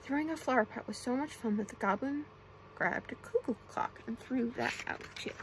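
Brief: young woman, whispered role-play storyteller, soft hushed reading, a touch high, faint hiss behind. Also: normal speed. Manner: soft, often whispered reading with playful character voices. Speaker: ASMR storyteller.

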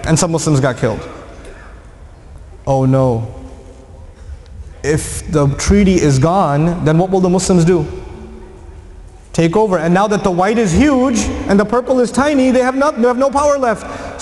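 A man giving an animated religious lecture, telling a story and acting out the voices of the people in it. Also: high-pitched. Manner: storytelling, acts out quoted voices. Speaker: Quranic lecturer. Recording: echoey hall with faint ambience.

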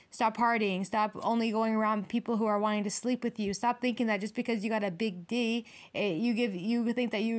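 A woman giving a casual tarot reading, blunt and streetwise, swearing freely and talking straight to her viewers. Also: fairly high pitch. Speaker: tarot reader.

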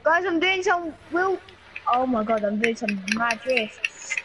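A woman's voice: high-pitched, lively intonation, a little slow, background noise. A woman playing online with friends, teasing her teammates and calling out to them in voice chat. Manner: teasing and giggly, calls out to teammates. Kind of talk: casual gameplay chat.

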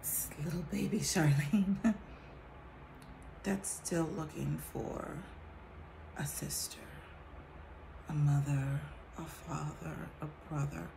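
A woman's voice: low-pitched, steady tone, slow pace, creaky, pauses often, warm tone. A woman giving a casual personal testimony in a candid, chatty way, acting out snippets of conversation and dropping to a whisper for asides. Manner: candid and chatty, acts out bits of talk, drops to a whisper for asides. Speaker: vlogger sharing her testimony.

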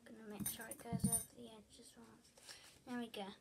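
A woman's voice: a little high, level tone, a little fast, creaky, heavy background noise. A young girl talking to viewers as she makes school supplies, rambling and chatty and sometimes slipping into a whisper. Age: child. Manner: rambling, talks to herself while crafting, drifts into whispers. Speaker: vlogger. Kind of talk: chatty craft tutorial vlog.

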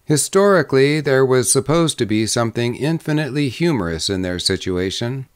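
Smooth, measured male audiobook narrator. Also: medium pitch, lively intonation. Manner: measured, slowing on descriptive lists. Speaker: audiobook reader. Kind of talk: scripted narration.

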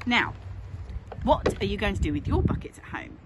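Expressive English woman reading aloud. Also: medium pitch, moderate pace. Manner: expressive, sing-song storytelling. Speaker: primary school teacher. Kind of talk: reading a picture book aloud to children. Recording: noisy home recording.

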